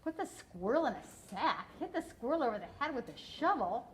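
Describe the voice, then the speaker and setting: A woman voicing a timid, bewildered middle-aged father who speaks in a squeaky, despairing way. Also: sing-song, brisk, a little hiss or hum.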